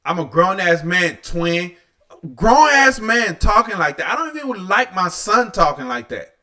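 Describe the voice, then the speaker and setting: A man's voice: high voice, very animated, unhurried, bright, forceful tone. A man hosting a reaction video, talking bluntly and with exasperation, with frequent swearing. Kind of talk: casual reaction commentary.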